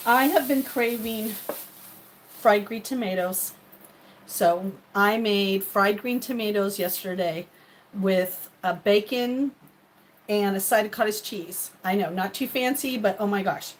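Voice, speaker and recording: A woman's voice: medium pitch, unhurried, slight background noise. A woman chatting casually on a live stream while she cooks, greeting viewers by name and laughing often. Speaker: livestreaming cooking vlogger.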